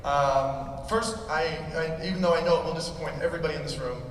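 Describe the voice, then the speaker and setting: A man's voice: fairly high pitch, fairly even intonation, fast. A man doing a crude, ranting stand-up set in a mock-pompous manner, on stage in a large convention hall. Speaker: stand-up comedian. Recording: echoey hall recorded from far off, crowd noise. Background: audience laughing and cheering.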